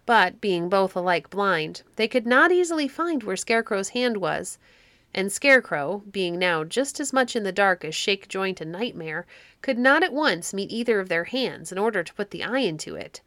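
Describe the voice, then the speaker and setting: A woman reading a children's classic story aloud, with expressive narration. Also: medium pitch, normal speed, no room sound.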